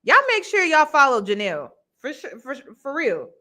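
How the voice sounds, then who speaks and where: A woman hosting a commentary channel, reacting casually with emphatic, drawn-out phrases. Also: sits high, sing-song, sharp tone.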